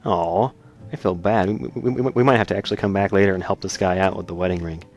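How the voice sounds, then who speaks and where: A man's voice: deep voice, steady tone, quick pace, darkish tone, soft background music. A man hosting a let's play, giving jokey, sarcastic commentary while he plays. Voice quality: jokey, sarcastic, laughs often. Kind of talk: joking gameplay commentary.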